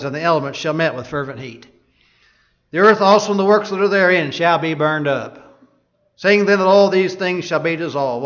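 Lo-fi preacher, man with a higher voice. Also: a bit bright. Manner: rhetorical questions, reads scripture aloud. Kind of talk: sermon. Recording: dull lo-fi sound.

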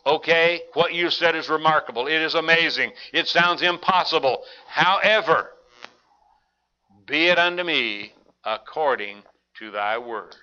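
A man voicing a humble, obedient young woman, speaking in an earnest and measured way. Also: on the high side, sharp tone. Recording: dull lo-fi recording.

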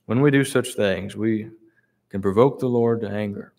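A man's voice: on the low side, normal speed, a little mellow. A man preaching a sermon, reading Bible verses aloud and repeating key words for emphasis.

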